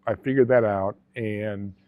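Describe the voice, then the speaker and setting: In a dry, phone-like, tinny recording, an interview guest, a middle-aged Alabaman who was a police officer and owns a travel agency, recounts stories casually. His lowish voice stays fairly even and unhurried, and his manner is earnest and meandering, with frequent restarts.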